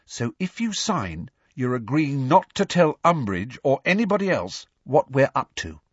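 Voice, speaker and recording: Brief: man doing a know-it-all schoolgirl, high and lively, curt and tense; husky edge to the voice. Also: no room sound. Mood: insistent. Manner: brisk, insistent, impatient. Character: bossy clever teenage schoolgirl. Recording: dry, slightly dull recording.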